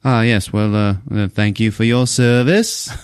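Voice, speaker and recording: A man voicing an arrogant, smug male drinks executive in a put-on British accent that climbs into a shrill high shout. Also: steady tone, a little slow, clear, resonant tone, no room sound, studio quality, natural voice.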